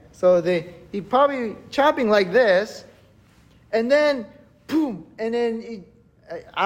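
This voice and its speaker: A preacher telling a story in a casual, conversational sermon, animated and chatty, often checking in with the listeners. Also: mid-range voice. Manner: animated, chatty, keeps asking "right?". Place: church worship service.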